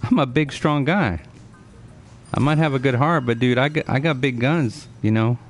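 At normal speed and in a mid-range voice, a man in his forties talks earnestly to his live-stream audience. His casual chat turns into lecturing and repetition as he responds to viewers by name.

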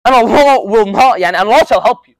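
A young man with a very high voice speaks a little fast in a dry, roomless recording. He's a student at a university Muslim association, casually telling religious stories to a student group, his informal lesson peppered with Arabic filler words.

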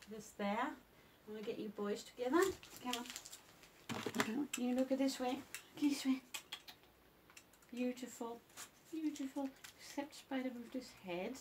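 A woman's voice: on the high side, a little mellow, slight background noise. A woman coaxing her cats to pose for a photo shoot at home, repeating names and commands. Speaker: pet photographer. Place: indoor home photo session.

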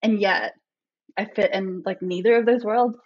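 A woman's voice: medium pitch, steady tone, normal speed, dull audio. A woman with an Australian accent tinged with an American twang, talking in a chatty, reflective way as a podcast guest, full of "like" fillers. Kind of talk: casual conversation.

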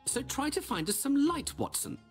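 Casting: a theatrical, pompous game detective, voice swooping wildly, over game music. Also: male voice, very high-pitched, sing-song, moderate pace. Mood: brisk. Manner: grandiloquent, lecturing, sweeping delivery. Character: pompous, theatrical male detective, grandly confident.

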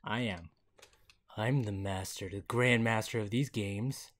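A man putting on the voice of a creepy horror villain who taunts people into deadly games, speaking low and menacing. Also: fairly even intonation, a little slow, a bit bright.

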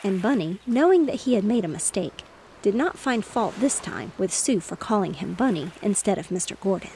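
A woman narrating a bedtime story in a gentle, steady reading voice. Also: medium pitch, normal speed, a little hiss or hum. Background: faint waves.

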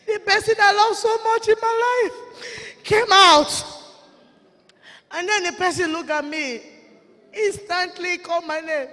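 A very high-pitched woman preaches an impassioned testimony, her bright, ringing voice carrying a tearful fervor. Her phrasing is plain and broken, and long reverb trails behind her words in a church conference hall. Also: a little slow. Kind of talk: fervent sermon testimony.

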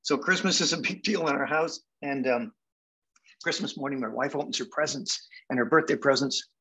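Older man, 70s, Canadian accent, husky voice, wry storyteller guest speaker. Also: medium pitch, moderate pace, sharp tone, rough recording. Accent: Canadian English. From England. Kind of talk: storytelling talk.

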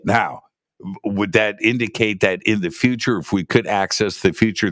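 A man co-hosting a casual discussion, talking in an animated way and often repeating words while he thinks. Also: fairly low pitch, dry recording, clean studio sound. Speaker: podcast co-host.

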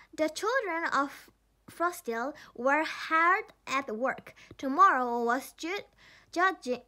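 A woman's voice: sits high, bright, forceful tone. A woman with a Korean accent, a native Korean speaker, reading a children's storybook aloud carefully, with small slips and restarts.

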